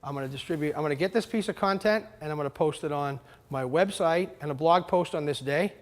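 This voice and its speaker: High-voiced man presenting a workshop. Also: fast talker. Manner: energetic, asks the audience questions. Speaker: marketing seminar presenter. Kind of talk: live workshop talk. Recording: long hall reverb.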